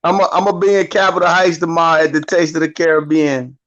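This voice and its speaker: A man's voice: a little high, flat delivery, fast talker, lo-fi sound, crowd noise. A man in casual chat with friends, insistent and giving directions.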